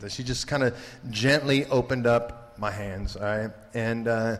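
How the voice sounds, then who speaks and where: A man's voice: mid-range voice, fairly even intonation, normal speed. A man giving a casual, jokey faith talk to students as a campus ministry speaker, rambling with lots of "like" and "you know". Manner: rambling and jokey, heavy with 'like' and 'you know'. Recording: long hall reverb.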